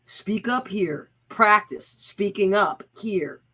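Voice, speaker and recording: Husky, blunt-talking woman ranting on a livestream. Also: mid-range voice, slow, pushed and bright, poor audio. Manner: blunt, profane, emphatic with chanted repetition. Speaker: host of own channel. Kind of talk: livestreamed motivational rant.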